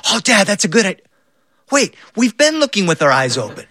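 A man's voice: sits high, big pitch swings, a little fast, sharp tone, no echo, pitched above the performer's own voice, exaggerated voice. A man voicing his toddler self, a stubborn, teary little boy who whines and insists. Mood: whiny. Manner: whiny, insistent. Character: stubborn crying little boy, two and a half.

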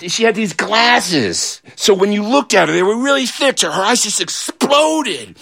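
Male storyteller, animated, acts out every voice, bright tense tone, raised pitch. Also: a little slow, gravelly, dry recording, studio quality. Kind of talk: comic childhood story told to an audience.

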